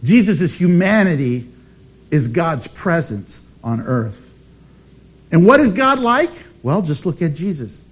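A man preaching a sermon as pastor, emphatic and animated, with dramatic pauses. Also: on the high side, breathy edge.

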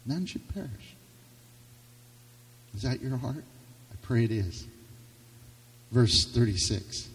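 A man preaching a sermon with passion, his voice swinging from loud to hushed. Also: medium pitch, animated, takes it slowly, long pauses. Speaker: pastor. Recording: reverberant hall, distant mic.

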